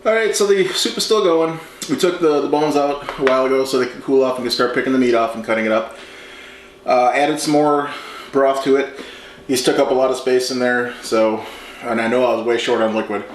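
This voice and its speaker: A man hosting a home cooking show, talking through a recipe in a relaxed, chatty way as he works in his kitchen. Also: medium pitch, fairly quick, a little hiss or hum. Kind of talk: casual cooking demonstration. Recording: echoey kitchen with clattering dishes.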